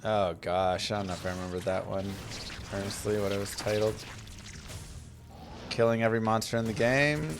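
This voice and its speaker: A man's voice: on the low side, steady tone, normal speed, pauses often, over music. A man chatting casually on a live stream while playing a game, telling stories and reading chat between play. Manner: chatty, anecdotal, reads chat aloud.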